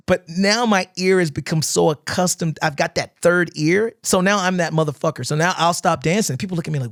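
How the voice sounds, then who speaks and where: A man on a podcast telling stories in casual chat, animated, swearing freely and acting out cheering friends. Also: sits high, brisk, few pauses, dry recording, studio quality. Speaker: guest dancer. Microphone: podcast microphone.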